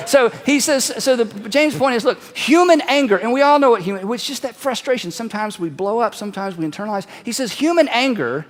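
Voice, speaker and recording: A middle-aged man preaching a sermon in a conversational, animated way, sometimes dropping to a hush for emphasis. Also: very high voice, fast, few pauses, big-room sound. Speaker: pastor.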